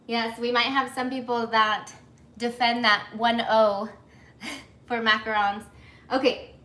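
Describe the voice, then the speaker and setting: Speaking slowly with frequent pauses, this woman has a fairly high, steady voice with a bright, forceful tone. She's in her thirties, hosting a baking livestream from her home kitchen, flustered and sweaty from the humidity as she greets viewers. Chatty and apologetic, she reads viewers' comments out loud.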